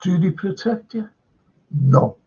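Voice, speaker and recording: Rambling through casual chat and viewer comments on his live stream, an older Liverpudlian man restarts often. His voice is high-pitched with lively intonation, slow, a little mellow and slightly rough, heard through dull lo-fi audio.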